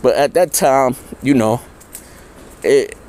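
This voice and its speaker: Man in middle age, mellow low-key tone, slangy storyteller. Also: takes it slowly. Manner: slangy, loose street talk, acts out quoted voices higher. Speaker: interviewee. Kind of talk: casual storytelling.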